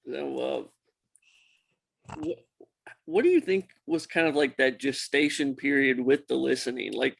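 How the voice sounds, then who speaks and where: A man hosting a podcast asks measured, thoughtful questions in a gravelly voice. The sound is dry and close, with no room around it. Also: medium pitch, lively intonation, no room sound. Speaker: podcast host. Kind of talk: interview questions.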